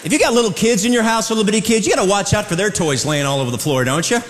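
Animated stand-up comic in a roomy club. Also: male voice, high voice, rapid-fire, slight background noise. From US Midwest. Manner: animated, slips into mock voices and characters. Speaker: stand-up comedian. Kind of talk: live stand-up routine. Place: comedy club stage before a laughing audience. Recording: roomy live club recording with audience.

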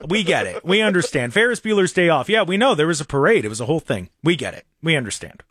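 A man's voice: a little high, big pitch swings, fast talker, hardly any pauses, a bit bright, no echo, clean studio sound. A man hosting a radio talk show, talking casually and sarcastically with mocking asides. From Ohio.

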